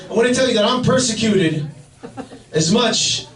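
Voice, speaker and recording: High-voiced, profane stand-up comic. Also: male voice, normal speed. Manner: profane, excitable storytelling. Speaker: stand-up comedian. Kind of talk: stand-up comedy set. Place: comedy club stage. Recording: roomy live club sound from a distance. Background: audience laughter.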